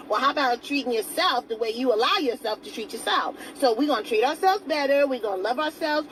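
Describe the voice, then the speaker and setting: A woman's voice: a little high, a bit bright, a little hiss or hum, low-quality recording. A woman giving a motivational talk to camera as a self-help vlogger. She speaks earnestly and coaxingly, asks viewers direct questions and greets some of them by name.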